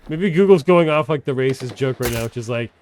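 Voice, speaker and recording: A man's voice: mid-range voice, lively intonation, brisk, darkish tone, slight background noise. Male game streamer, casual and profane; rambles, trails off and backtracks mid-sentence. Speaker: live streamer. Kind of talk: casual chat while gaming on stream.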